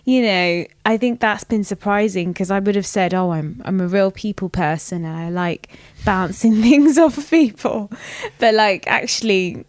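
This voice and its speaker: A woman's voice: mid-range voice, normal speed, darkish tone, dry recording. A woman as a podcast guest in casual chat, rambling and laughing often, full of "like" fillers.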